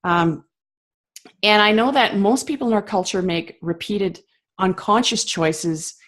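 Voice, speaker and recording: A woman speaking as a guest in a conversational interview, talking passionately and emphatically with reflective pauses and fillers. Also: medium pitch, a bit bright.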